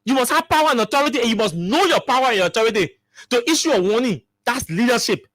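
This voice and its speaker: A man's voice: very high voice, lively intonation, fast, a bit bright, dry recording, clean studio sound. A man with a Liberian English accent hosts a talk show, giving emphatic political commentary full of repeated rhetorical questions.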